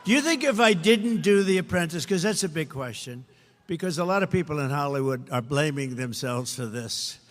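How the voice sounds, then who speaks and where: An older man giving an emphatic, repetitive campaign rally speech that rises to shouted lines. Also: a little high, lively intonation, normal speed. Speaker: political speaker at a rally. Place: large indoor rally venue. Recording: echoey hall, faint crowd ambience.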